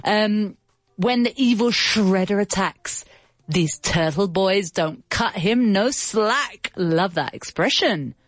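A woman's voice: medium pitch, animated, takes it slowly, dry recording. A woman co-hosting a casual chat, teasing and explaining phrases playfully. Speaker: podcast co-host teaching English.

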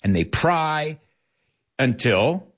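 Lively playful man hosting a show. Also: a little high, extremely slow. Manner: playful, mixes Spanish glosses, laughs often. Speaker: show host teaching English. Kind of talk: casual bilingual radio-style show.

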